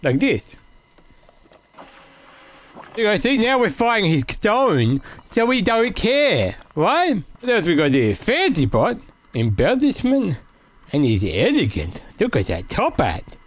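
A man with a high voice that leaps all over the place narrates his own VR game play. He is excitable and goofy, breaking into sudden shouts and mock-serious asides for his viewers. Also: slow. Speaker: gaming video creator. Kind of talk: playing a VR game with commentary.

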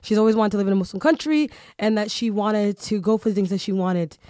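A woman's voice: medium pitch, quick pace, mellow, dry recording, studio quality. A woman hosting a podcast, chatting casually and animatedly, with lots of "you know" and "like" fillers. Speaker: podcast host.

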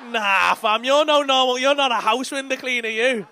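A man's voice: extremely high pitch, moderate pace, hardly any pauses, bright, forceful tone. A man doing crowd work at a comedy club, bantering with the audience in brash, sweary, teasing talk. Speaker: stand-up comedian.

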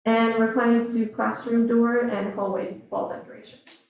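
A young woman with a slightly high, gravelly voice reads out plans in a somewhat hesitant way. She is far from the mic, in a room with a lot of echo. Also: little pitch movement, moderate pace, a little mellow. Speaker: student representative. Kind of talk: giving a student report.

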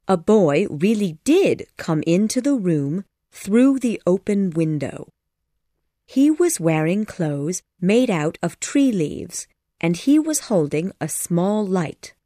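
Woman reading a kids audiobook, slow and measured, lots of lilt, dry close sound. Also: on the low side, darkish tone, dry recording. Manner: measured, clear storytelling. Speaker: audiobook narrator. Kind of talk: scripted narration.

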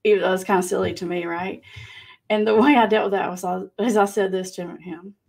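A woman with a Southern US accent chats live with viewers and reads out their comments. Her voice is gravelly and husky, with a slight rasp. She talks easily and laughs often. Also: mid-range voice, steady tone, brisk, darkish tone. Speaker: livestream host. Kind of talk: casual live chat.

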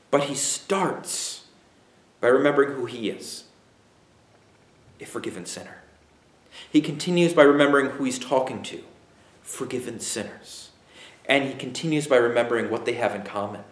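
A man preaching a sermon as pastor, emphatic, with dramatic pauses and acted-out asides. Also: fairly high pitch, reverberant.

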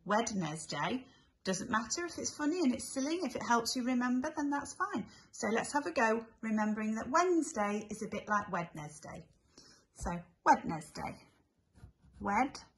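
A woman teaching young children spelling tips in a gentle, sing-song way, spelling letters out slowly. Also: on the high side, expressive. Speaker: infant school teacher.

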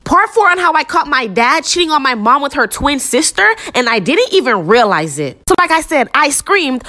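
A woman's voice: high-pitched, sing-song, moderate pace, few pauses, bright, forceful tone. A young woman telling a storytime in a chatty way, talking straight to her listeners. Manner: chatty, addresses listeners directly. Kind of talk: scripted storytime narration.

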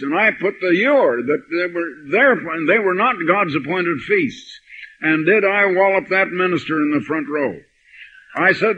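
Older preacher on dull old tape. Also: male voice, sits high, expressive, pushed and bright, slight background noise. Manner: anecdotal, slow emphatic scripture reading. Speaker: pastor. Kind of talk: sermon. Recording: dull lo-fi archive sermon recording.

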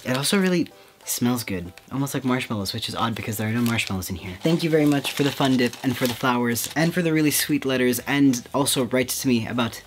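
A vlogger from Quebec, softly and sentimentally chatting to camera while opening mail at home. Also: medium pitch, background noise. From Quebec, Canada. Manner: soft-spoken, sentimental, often says "heckin'". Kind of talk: casual unboxing chat to camera. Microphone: camera mic with ring light.

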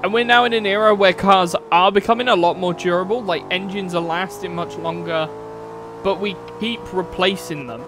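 Guy streaming a racing game, kinda high voice, rambly chat, loud car engines behind him. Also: moderate pace. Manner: rambling, chatty, swears casually. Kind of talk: casual live-stream chat while racing. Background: racing game engine noise.

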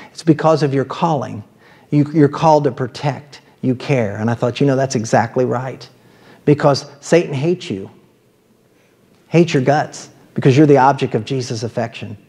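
A man's voice: mid-range voice, darkish tone. A man with an Ohio accent preaching a sermon as pastor, talking in a conversational way with asides and laughs.

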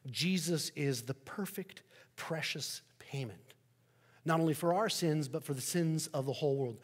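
Husky pastor preaching in a reverberant church. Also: male voice, medium pitch. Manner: dramatic swings between loud emphasis and soft hushed endings. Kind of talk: sermon. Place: church sanctuary.

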